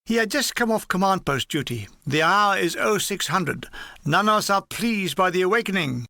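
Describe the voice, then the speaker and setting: A man narrating his own war memoir as an audiobook, with wry, comic deadpan storytelling. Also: high voice, normal speed, dry recording, clean studio sound. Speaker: author and narrator.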